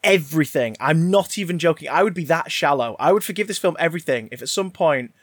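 A podcast co-host, a man, chats casually about a movie review, riffing and ranting with plenty of swearing and animated rambling. He speaks at a quick pace in a fairly high voice, recorded dry with studio quality.

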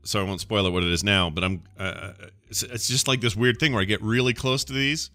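A man co-hosting a podcast in casual movie chat, lively and full of joking asides. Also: on the low side, fairly quick, no room sound, soft background music. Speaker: podcast co-host.

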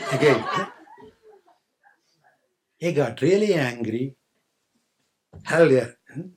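A man's voice: medium pitch, a little mellow, breathy edge. An older man giving a spiritual talk as a playful story, laughing often and acting out the voices of the characters. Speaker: spiritual teacher. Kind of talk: storytelling sermon.

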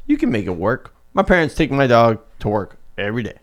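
A man chatting as a podcast guest, easygoing and quick to laugh, swearing casually. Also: mid-range voice, very animated.

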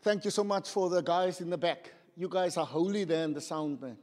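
High-voiced preacher. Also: male voice, brisk, hardly any pauses. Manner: animated, rousing the congregation. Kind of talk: sermon. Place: church hall. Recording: long church hall reverb.

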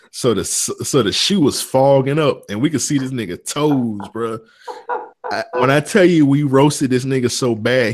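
A man co-hosting a podcast, telling loose slangy stories and laughing often between lines. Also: medium pitch. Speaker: podcast co-host. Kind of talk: casual podcast banter.

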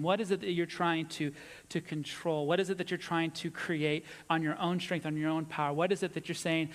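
A pastor preaching a sermon with earnest emphasis, dropping low and soft on his key points. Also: steady tone, brisk. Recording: long reverb of a church hall.

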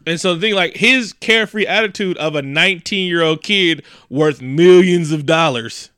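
A man's voice: on the high side, normal speed, smooth, dry recording, clean studio sound. A man in casual chat who rambles with lots of fillers and swears freely. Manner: profane, animated, rambling with many fillers.

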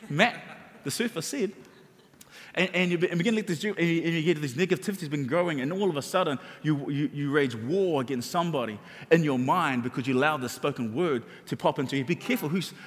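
A man preaching a sermon, talking animatedly and conversationally, often restarting his sentences. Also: high-pitched. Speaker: pastor. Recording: hall with long reverb.

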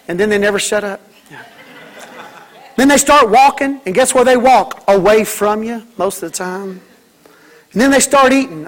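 High-pitched preacher guy, folksy sermon, does little voices for kids and church folk. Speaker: pastor.

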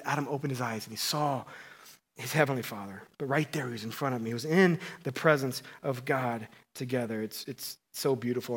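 A pastor in his thirties preaches a sermon in a casual, playful style, swinging between loud emphasis and hushed tones. His voice is a little high and slightly rough.

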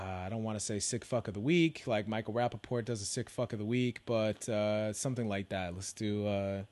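A man's voice: lowish voice, darkish tone. A young man hosting a podcast, rambling loosely with lots of swearing and filler words. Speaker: podcast host. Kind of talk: casual solo podcast rant.

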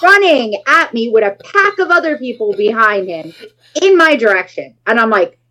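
A woman in her forties, a guest in a casual interview, telling a story with dramatic, animated retellings and acted-out quotes. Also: a little high, moderate pace, very noisy.

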